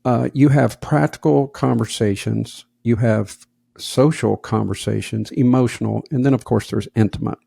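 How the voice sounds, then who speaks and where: A man co-hosting a podcast in casual chat, joking and wry, with a gravelly voice. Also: medium pitch, fairly even intonation, moderate pace, mellow, no room sound. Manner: joking, self-deprecating, wry. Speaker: podcast co-host.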